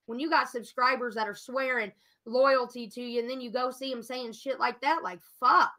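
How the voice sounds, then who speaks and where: A woman's voice: on the high side, steady tone, moderate pace, sharp tone. A woman venting angrily and profanely in a casual livestream chat. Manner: profane, heated, ranting. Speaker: livestream guest.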